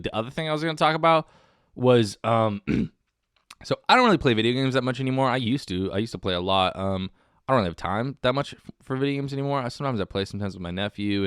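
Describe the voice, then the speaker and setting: A man's voice: medium pitch, a bit bright, no echo, studio quality. A man hosting a casual solo comedy podcast, rambling and meandering, with lots of "dude" and "man.". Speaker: podcast host.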